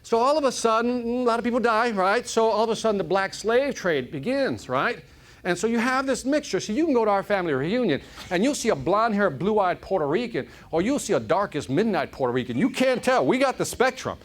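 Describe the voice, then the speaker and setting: Man, motivational speaker, high and animated, comic storyteller to a live crowd. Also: brisk. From Chicago, United States. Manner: energetic, joking, keeps asking "right?". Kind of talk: live keynote talk to an audience. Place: conference room with audience.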